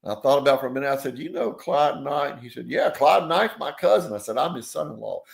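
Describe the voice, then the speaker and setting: A man preaches with a gravelly, rough-edged voice. His pitch sits in a middle range for a man. He tells folksy stories, acts out the people in them, and moves between loud and quiet delivery. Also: brisk. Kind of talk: sermon with storytelling.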